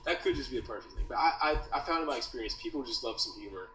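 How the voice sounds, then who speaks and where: A man teaching copywriting in a loose, slangy way, with a bright, lively voice. His pitch swings widely as he talks. He is recorded from some distance in a roomy space with echo and a faint hiss underneath. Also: racing, faint music behind. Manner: slangy, loose, says dude and bro. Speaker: copywriting course creator teaching. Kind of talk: casual teaching talk.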